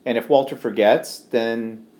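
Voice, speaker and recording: A man's voice: medium pitch, steady tone, unhurried, darkish tone. Man, live-stream co-host at home, chatty, reads viewer comments, casual. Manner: chatty, reads comments aloud, frequent ums.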